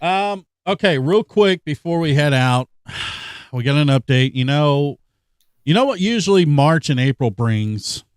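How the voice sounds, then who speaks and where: A man's voice: on the high side, expressive, a little slow, clean tone, no echo, clean studio sound. A man co-hosting a sports podcast, joking and rambling with lots of fillers. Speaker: podcast co-host. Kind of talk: casual sports podcast chat.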